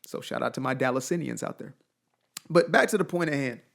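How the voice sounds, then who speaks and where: A man's voice: medium pitch, brisk, gravelly, a bit bright. A man delivering an emphatic solo opinion rant, with colloquial asides and rhetorical questions, who grew up outside the United States. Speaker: commentator.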